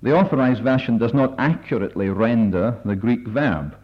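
A man preaches to a study meeting in a measured, careful way, his talk full of small hesitations. His voice sits at an ordinary pitch. The recording is dull and lo-fi. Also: husky. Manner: deliberate and careful, many filler pauses. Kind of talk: measured sermon-style talk with readings.

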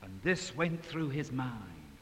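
A man preaching a sermon in a large hall, dramatic, swinging from loud passages to hushed ones. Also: medium pitch, sing-song, takes it slowly. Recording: long hall reverb, faint hiss.

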